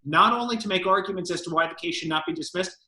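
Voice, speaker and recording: A man's voice: high-pitched, fast talker, pushed and bright, roomy sound, poor audio. A man co-hosting a political talk show, giving emphatic, lawyerly commentary.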